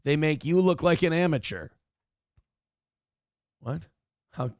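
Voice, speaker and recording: A middle-aged man hosts a casual livestream talk show, reading donations aloud with loud, crude jokes and a rough voice that cannot reach high notes. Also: takes it slowly, long pauses, dry recording, clean studio sound. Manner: loud, crude, joking, reads chat messages aloud.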